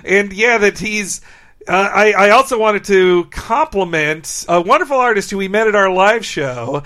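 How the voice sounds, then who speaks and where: Bright, high-voiced man chatting casually. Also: moderate pace. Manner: laughs often, animated retelling. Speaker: podcast co-host. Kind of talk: casual chat.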